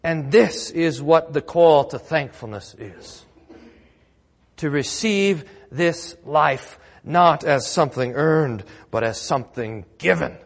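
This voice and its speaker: A man's voice: a little high, animated, takes it slowly, vocal fry, long reverb tail. A man preaching a sermon as pastor, telling the story with acted-out quotes and laughing along.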